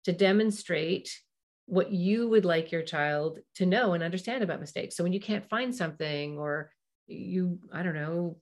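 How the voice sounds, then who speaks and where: A middle-aged woman with a fairly low voice hosts a parenting show. She talks casually and warmly explains her points, breaking off for asides and acting out quick snatches of dialogue. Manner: chatty, full of asides and acted-out quotes. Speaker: parenting podcast host. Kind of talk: casual advice talk.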